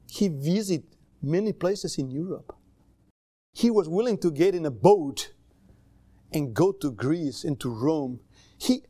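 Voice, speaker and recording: A male pastor preaching a sermon in a church in accented English with small grammar slips, conversational and animated. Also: sits high, unhurried, pauses often, dry recording, clean studio sound. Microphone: livestream camera mic.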